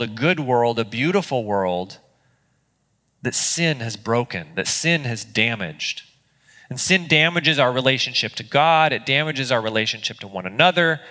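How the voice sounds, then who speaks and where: A man's voice: medium pitch, bright, forceful tone, in a large hall. A man preaching a sermon as pastor, earnest and conversational, with small restarts. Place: church auditorium.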